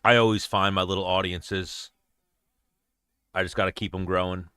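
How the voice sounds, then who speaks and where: A man's voice: sits low, flat delivery, moderate pace, bright, forceful tone, clean tone, no room sound, studio quality. A young adult man hosting a casual livestream chat, talking bluntly and profanely in a rambling way. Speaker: show host.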